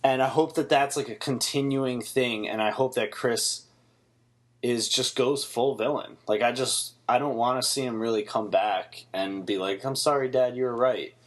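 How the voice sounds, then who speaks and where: A man's voice: medium pitch, moderate pace. A man co-hosting a casual TV review podcast, talking bluntly and mockingly and swearing freely. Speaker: podcast co-host.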